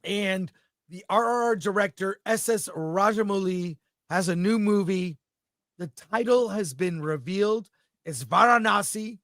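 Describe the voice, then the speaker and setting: An enthusiastic man co-hosting a movie podcast in a casual, chatty manner. His voice sits a little high, and the sound is dry and close to the mic. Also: unhurried, fairly bright tone, no echo. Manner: chatty, enthusiastic, describes images aloud. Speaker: podcast co-host. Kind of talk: casual film chat.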